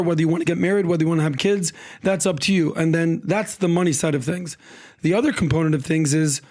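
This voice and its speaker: High-pitched dude on a panel, blunt, rattles off lists, snarky asides. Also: male voice, a little mellow. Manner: blunt and list-driven, sarcastic asides. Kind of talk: casual panel discussion.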